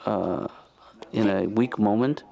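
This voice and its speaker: An actor playing a gentle, middle-aged male therapist and father who talks in a mild, hesitant, deadpan way. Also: lowish voice, slow pace, vocal fry.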